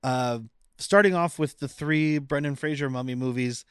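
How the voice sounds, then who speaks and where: A man's voice: medium pitch, moderate pace, fairly bright tone, clean tone, dry recording, studio quality. A man co-hosting a podcast, chatting casually and rambling through the upcoming schedule with many restarts. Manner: rambling, self-correcting, announces schedule. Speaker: podcast co-host.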